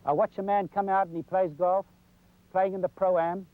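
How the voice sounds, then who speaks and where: A man's voice: high-pitched, level tone, normal speed, narrow, tinny audio. A man giving a folksy golf lesson for television, demonstrating as he talks. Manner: folksy, demonstrating while talking. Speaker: golf instructor. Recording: 1990s television broadcast.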